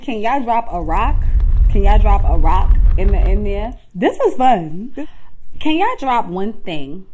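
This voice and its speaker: A woman vlogger giving a casual, playful motivational talk straight to her viewers. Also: fairly high pitch. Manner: animated, playful, talks straight to her audience.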